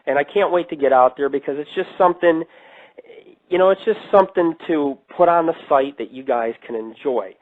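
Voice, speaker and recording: A man's voice: fairly high pitch, fairly quick. A man from New York, a paranormal investigator hosting a radio show, ranting brashly and swearing in a casual monologue. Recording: tinny phone-like radio line.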